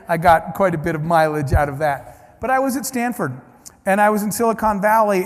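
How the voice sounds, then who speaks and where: A man with a fairly high voice delivers a keynote to a large audience, acting out each exchange of his story. His voice rings with a long hall reverb. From Ohio, United States. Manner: animated storyteller acting out dialogue. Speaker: keynote speaker.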